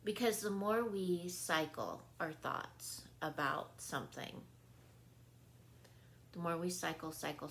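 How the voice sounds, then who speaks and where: This woman's voice sits low with vocal fry and a faint hiss or hum. She's a wellness coach giving an earnest, casual spiritual talk, laughing easily and often checking in with listeners. Her manner is earnest and repetitive, with frequent "right?" check-ins.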